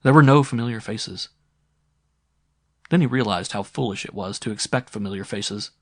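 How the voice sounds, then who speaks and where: A man narrating a science fiction audiobook in a steady, dramatic reading. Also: lowish voice, normal speed, no echo, clean studio sound. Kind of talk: scripted narration.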